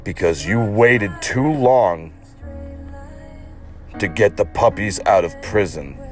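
A man voicing a bitter, jilted man who rants and swears at his ex in a comedy bit. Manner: ranting, profane, swinging from low growl to shrill.

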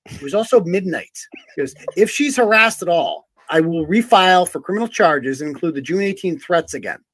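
A man's voice: sits high, expressive, brisk, a bit bright, husky. A man commenting on a video clip in a mocking, incredulous way.

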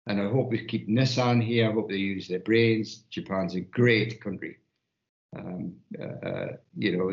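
A man rambling in a live casual panel chat, halting and restarting as he goes. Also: lowish voice. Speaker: panel guest. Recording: dull, roomy lo-fi sound.

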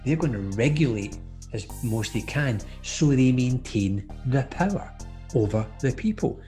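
A Scottish man co-hosting a podcast in casual chat, jokey and quick to laugh. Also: medium pitch, animated, warm tone, faint music behind. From Scotland. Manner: jokey, chatty, laughs often. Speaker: podcast co-host.

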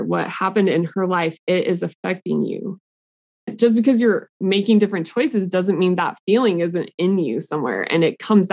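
A woman co-hosting a podcast, explaining ideas earnestly with casual "like" fillers. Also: lowish voice. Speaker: podcast co-host. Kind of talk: casual chat.

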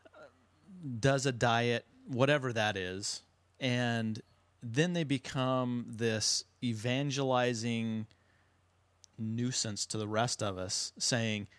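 Joking podcast host, dry close sound. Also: male voice, medium pitch, steady tone, slow, fairly bright tone, clear, resonant tone, no echo. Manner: joking, teasing. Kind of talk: casual podcast chat.

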